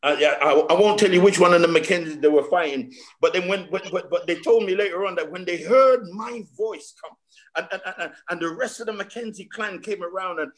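A man preaching a fervent sermon to his congregation, stammering through restarts and drawing out key phrases slowly for emphasis. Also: sits high. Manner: addresses the congregation as saints.

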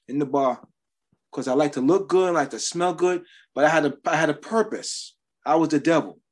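A man's voice: a little high, breathy edge. A man preaching a sermon, sharing his testimony in a conversational style with emphatic rises.

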